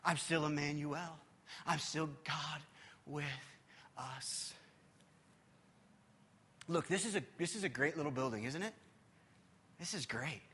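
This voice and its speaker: A man preaching a sermon as pastor in a church hall. He is emphatic and swings between loud and hushed, repeating words as he gathers his thoughts. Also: sits high, breathy edge.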